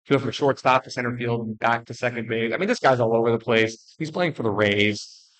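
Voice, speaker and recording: A young man in the middle of the male pitch range talks through his player rankings casually. He is blunt and jokey, rambles, restarts his sentences and tosses in quick apologies. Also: fairly bright tone, rough recording. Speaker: baseball video creator.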